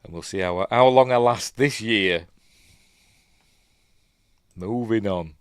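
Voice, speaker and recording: A man's voice: lowish voice, takes it slowly, smooth, no echo, studio quality. A man with a Yorkshire accent hosting a live news stream, rambling and opinionated with muttered asides. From Yorkshire, England. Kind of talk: casual live stream commentary.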